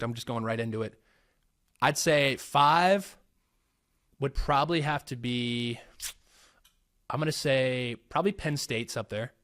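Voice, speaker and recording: A young American man chats loosely and rambles through his answers, circling back with fillers and restarts. His voice sits at an ordinary middle pitch, and the recording is dry and close with no room sound. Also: a bit bright, no room sound. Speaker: host. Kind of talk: casual Q&A vlog.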